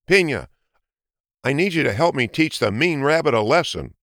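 A man's voice: mid-range voice, lively intonation, normal speed, a bit bright, dry recording, studio quality, voice pushed up. A man voicing a polite, earnest male hedgehog in a storybook reading. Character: polite short-legged male hedgehog, clever. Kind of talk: storybook narration.

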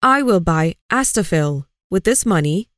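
A woman's voice: on the low side, lively intonation, measured pace, fairly bright tone, no room sound. Lady doing a pushy boy who insists, bouncy voice, dry sound. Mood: insistent. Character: stubborn boy insisting on his choice.

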